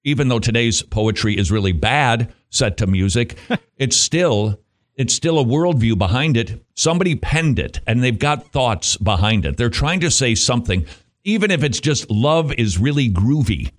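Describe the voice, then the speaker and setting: On his Christian talk radio show, a man jokes through a monologue, his pitch swinging widely as he goes. He laughs a lot, tosses playful asides between points, and keeps an expressive, moderate pace.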